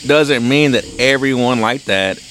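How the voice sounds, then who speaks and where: A man with a Central Louisiana accent, chatting in a relaxed, plain-spoken way and asking questions. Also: medium pitch, measured pace, slight background noise, rough recording. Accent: Central Louisiana Southern. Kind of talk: casual chat.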